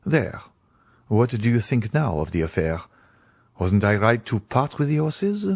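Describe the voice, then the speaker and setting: A man's voice: lowish voice, sing-song, measured pace, gravelly, no room sound, heavily acted. A man voicing a money-minded middle-aged banker in an audiobook, speaking in a confiding, wheedling way.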